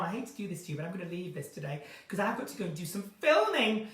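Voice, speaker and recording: A woman's voice: fairly low pitch, very animated, fast talker, far from the mic. A woman hosting an unscripted live stream chat, playful and chatty, reading viewers' comments aloud. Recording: roomy sound from a mic set back.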